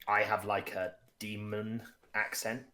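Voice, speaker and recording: A man's voice: on the low side, flat delivery, a little slow, pushed and bright. A man co-hosting a casual tabletop gaming podcast, chatting loosely with many restarts. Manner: chatty, rambling with restarts, acts out players' lines. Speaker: podcast co-host and game master.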